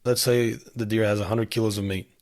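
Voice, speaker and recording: A man's voice: lowish voice, flat delivery, a little fast, a little mellow. A man who is a guest on a casual podcast chat, speaking bluntly and opinionatedly and swearing freely.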